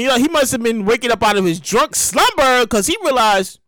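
A woman telling a story in a casual monologue, talking fast, laughing often and swearing freely. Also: a little high, expressive, a bit bright, no room sound.

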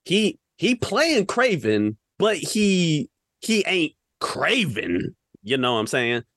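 A man's voice: on the high side, sing-song, slow pace, a bit bright, no echo, clean studio sound. A young man co-hosting a podcast, ranting animatedly about films with slang and rhetorical questions. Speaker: podcast co-host. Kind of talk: casual film-review rant.

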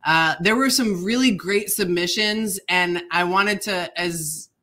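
Bright-voiced woman podcast co-host. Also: lowish voice, takes it slowly. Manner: chatty, laughs often. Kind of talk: casual chat.

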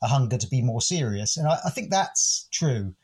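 Older man from the UK, a guest who muses thoughtfully, with a slightly husky voice. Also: medium pitch, sing-song, moderate pace, darkish tone. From United Kingdom. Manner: thoughtful, literary, musing. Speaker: guest, philosophy podcast host. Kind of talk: reflective interview talk.

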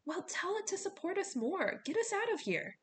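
A woman's voice: extremely high pitch, very animated, moderate pace, bright, forceful tone, pitched above the performer's own voice, full character voice. A woman voicing a frightened teenage girl demigod who sounds breathless and pleading.

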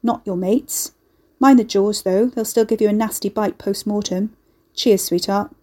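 A woman's voice: medium pitch, steady tone, measured pace, a little mellow, lightly acted. A woman voicing a shifty, sarcastic male soothsayer, talking in a blunt, teasing way. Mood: brusque. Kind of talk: audiobook character voice.

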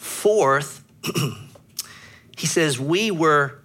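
A man preaching a sermon as a pastor, teaching earnestly, clearing his throat often and pressing hard on key words. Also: mid-range voice, measured pace, pauses often, pushed and bright.

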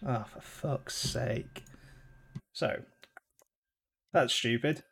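A man's voice: medium pitch, extremely slow, gravelly, fairly bright tone, slightly rough. A man co-hosting a casual podcast from a home mic. He rambles and swears freely, laughing along the way. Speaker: podcast co-host. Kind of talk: casual chat.

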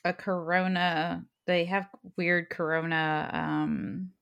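A woman's voice: lowish voice, level tone, takes it slowly, creaky, fairly bright tone, smooth. A woman co-hosting a podcast, chatting casually in an easygoing way with frequent laughter. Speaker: podcast co-host. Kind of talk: casual chat.

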